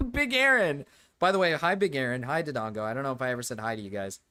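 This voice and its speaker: A young man giving live-stream reaction commentary, excitable and swearing, laughing often and jumping into sudden high yelps. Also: very fast, clear, resonant tone.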